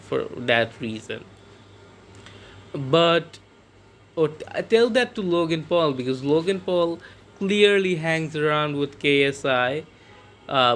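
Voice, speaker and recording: A man's voice: a little high, fairly bright tone, slight background noise. Ranting young man, profane and rambling. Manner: rambling, profane, frequent restarts. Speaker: vlogger. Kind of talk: casual storytelling rant.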